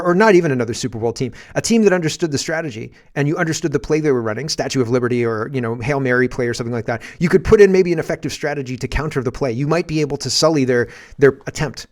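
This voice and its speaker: A man with a Canadian accent hosting a casual political commentary podcast, rambling and animated, breaking into shouts when he acts out scenes. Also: on the high side. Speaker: podcast host.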